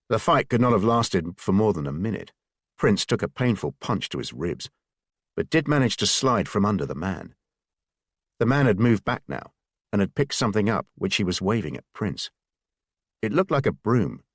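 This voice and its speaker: A man reading a wartime spy thriller as an audiobook narrator, measured and expressive. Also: on the low side, no echo, studio quality. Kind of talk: scripted narration.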